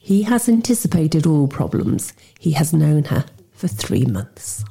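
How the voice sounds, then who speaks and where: Female audiobook narrator, dark breathy tone, lively wry first-person reading. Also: deep voice, measured pace. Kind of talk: scripted narration.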